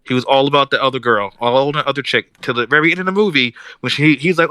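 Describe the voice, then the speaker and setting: Bright-voiced man ranting on a podcast. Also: medium pitch, fast, clean tone, no room sound. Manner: animated ranting, mimics characters mid-story. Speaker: podcast co-host. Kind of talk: casual chat.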